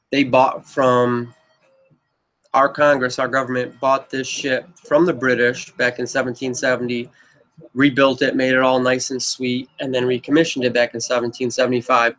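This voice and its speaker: A man talks straight to camera, pitching his own script in a loose, wandering flow that keeps circling back with "you know" and "but yep." His voice sits at an ordinary middle pitch and stays flat, with little rise or fall. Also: poor audio. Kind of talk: casual rambling pitch to camera.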